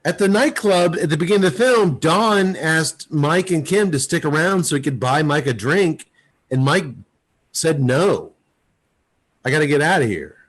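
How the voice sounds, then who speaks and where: A Texan man co-hosting a podcast, casually riffing on a movie and acting out its lines in quick voices. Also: on the high side, a bit bright. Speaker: podcast co-host. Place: home, recording remotely.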